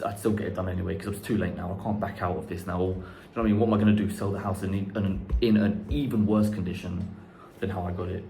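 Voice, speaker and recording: A man's voice: lowish voice, dark tone. Chatty man in an echoey room. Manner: rambling, chatty, swears casually. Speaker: vlogger. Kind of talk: casual chat to camera. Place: unfinished house under renovation, indoors. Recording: echoey empty room, faint background noise.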